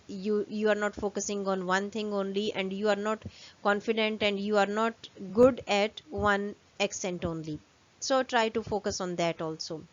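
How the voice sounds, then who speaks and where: A woman lecturer, giving a fast recorded lesson full of "um" and "uh" fillers. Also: medium pitch, dull audio.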